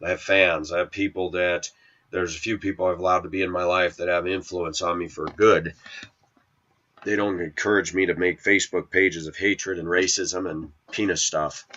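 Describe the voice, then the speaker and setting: A middle-aged man with a sniffly cold rants straight to his viewers, scolding and preaching in a forceful, bright-edged tone that sits a bit low. The recording is dull and lo-fi. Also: fairly even intonation, normal speed. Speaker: video channel host. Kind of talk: ranting to camera. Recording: dull lo-fi sound.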